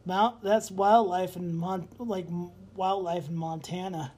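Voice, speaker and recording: Here a male podcast co-host spins animated stories in a relaxed conversation, laughing frequently. His voice is high and his delivery a little slow.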